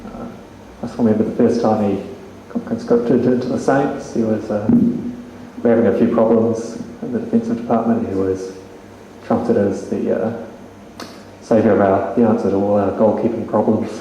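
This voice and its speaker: Man, low monotone voice, dark tone, dry humour, eulogy, very echoey hall, faint noise. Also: normal speed. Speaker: eulogy speaker, teammate. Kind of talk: informal spoken eulogy. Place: funeral hall.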